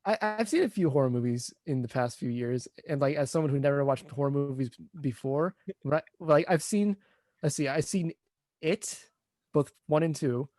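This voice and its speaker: A man co-hosts a casual podcast, hesitating and correcting himself as he goes. His voice has a medium pitch, recorded dry and close with no room sound. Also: animated, moderate pace, a little mellow, dry recording. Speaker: podcast co-host. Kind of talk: casual chat.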